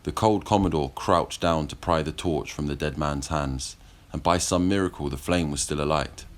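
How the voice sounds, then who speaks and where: A man with an extremely deep voice narrates a historical novel as an audiobook. His reading is measured and steady. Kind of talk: scripted narration.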